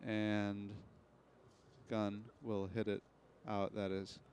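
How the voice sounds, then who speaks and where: A man's voice: lowish voice, level tone, drawn-out words, darkish tone, slight background noise. Young man calling soccer play-by-play. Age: young adult. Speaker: play-by-play announcer. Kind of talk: live sports commentary. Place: outdoor soccer field.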